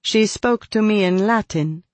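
A man voicing a prim, learned young woman who speaks in a formal, measured way in a storybook. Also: high voice, no room sound, voice pushed up. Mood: composed.

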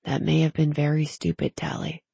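A sleepy teenage boy from a storybook, speaking in a dark, husky murmur, as a woman reading aloud puts him on. His words come soft and low, recorded close in a dry space. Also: little pitch movement, normal speed, dry recording, heavily acted. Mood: rueful. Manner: low murmured lines, often whispered.

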